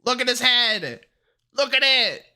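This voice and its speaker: Chatting casually on a livestream, this excitable, foul-mouthed streamer has a bright, sharp voice with pitch that leaps all over the place. Even in heated rants the delivery stays unhurried and drawn out, and the rants give way to laughter.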